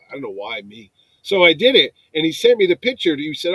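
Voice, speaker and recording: A man's voice: on the high side, fast, no room sound, rough recording. A man in his fifties from New York, a convention producer telling stories in casual chat and acting out the voices of the people he quotes. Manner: animated storyteller, acts out quoted voices.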